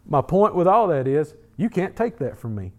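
A man's voice: fairly high pitch, big pitch swings, moderate pace. A middle-aged man preaching a sermon in a conversational way, often repeating words as he builds emphasis. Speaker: pastor.

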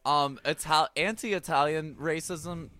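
A man's voice: on the high side, slow pace, bright, forceful tone, no room sound. A young man chatting on a podcast in a wry, hedging way, full of fillers. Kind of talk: casual chat.

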